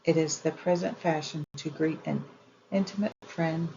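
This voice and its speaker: A woman reading an old etiquette book aloud in a measured, even way. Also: sits low, vocal fry, dull audio, a little hiss or hum. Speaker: audiobook reader.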